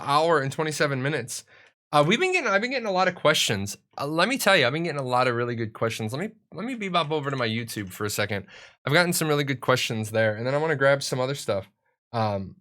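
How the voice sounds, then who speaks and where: A man's voice: fairly high pitch, pushed and bright. A young adult man chatting casually and rambling on a live stream, joking about himself as he goes. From United States.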